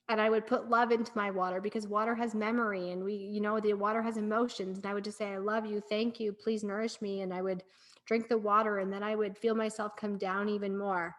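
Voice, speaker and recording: A woman's voice: mid-range voice, fairly bright tone. A middle-aged woman, a breathwork practitioner, talking as a podcast guest in an earnest, encouraging storytelling manner. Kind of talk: casual podcast conversation.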